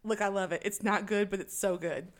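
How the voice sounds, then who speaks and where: A woman's voice: mid-range voice, steady tone, brisk. A woman co-hosting a casual podcast, retelling a movie scene by scene in a chatty, irreverent way and acting out the lines she quotes. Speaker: podcast co-host recapping a film. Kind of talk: casual chat.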